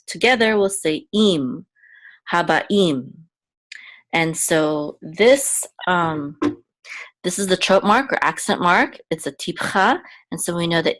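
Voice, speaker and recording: A woman teaching a language lesson. She sounds words out slowly and repeats them, checking in with "okay?" as she goes. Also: sits low. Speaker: Hebrew teacher and podcast host. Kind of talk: slow, patient language lesson.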